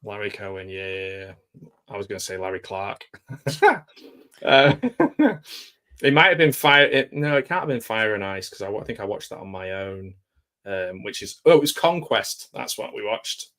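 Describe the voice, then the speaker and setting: Chatty man with a soft Manchester accent. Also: on the low side, lively intonation, moderate pace. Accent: South Manchester English. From England. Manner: chatty, jokey, rambling with restarts. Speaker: guest. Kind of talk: casual video-call chat.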